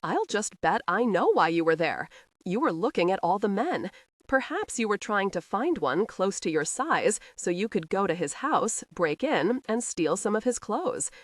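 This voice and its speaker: A woman's voice: medium pitch, big pitch swings, moderate pace, no echo, studio quality. A woman voicing a brash, arrogant young man who teases and needles, read in an audiobook. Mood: needling. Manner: mocking, needling. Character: brash young male horseman, teasing and arrogant.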